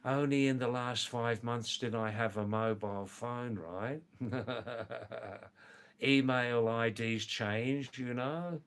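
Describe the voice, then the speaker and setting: An older man chatting slowly and rambling on a live stream, answering viewers by name. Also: mid-range voice, a bit bright, clear, resonant tone. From lives in the Himalayas of northern India. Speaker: livestream host.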